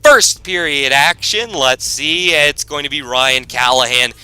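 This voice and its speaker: A man commentating his own hockey video game season, excitable and quick to shout at big plays, with rambling asides. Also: on the high side, clear, resonant tone, dry recording, rough recording. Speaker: gaming YouTuber.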